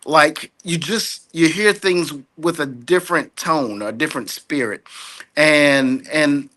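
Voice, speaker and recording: A man in his fifties sharing faith reflections in casual podcast chat, halting and reflective with many fillers. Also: on the high side, a bit bright. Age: 50s. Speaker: podcast co-host.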